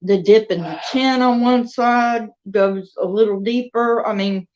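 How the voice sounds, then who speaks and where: Sitting at her dining room table, this video host and crafter talks casually to viewers and pauses occasionally to address her pets. She speaks unhurriedly in a fairly high, slightly mellow voice, captured in dull lo-fi audio.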